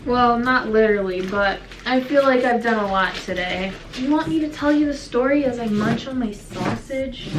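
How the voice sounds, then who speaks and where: Young woman vlogger, fairly high voice, chatty storytime, sniffly, faint hiss behind. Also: poor audio. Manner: chatty, animated, acts out quoted exchanges. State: sniffly from earlier crying. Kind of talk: casual storytime vlog. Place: hotel room.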